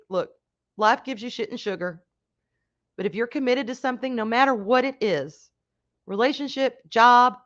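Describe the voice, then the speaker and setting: A woman hosting a casual livestream, talking frankly with some swearing and greeting chat viewers with loud excitement. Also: mid-range voice. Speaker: livestream host chatting with viewers. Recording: dull lo-fi stream audio.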